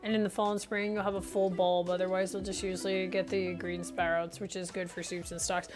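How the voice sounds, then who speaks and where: A woman's voice: fairly low pitch, flat delivery, fairly quick, soft background music. A woman chatting playfully with her viewers while cooking on a live stream. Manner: chatty, playful, answers chat aloud. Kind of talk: casual cooking livestream chat.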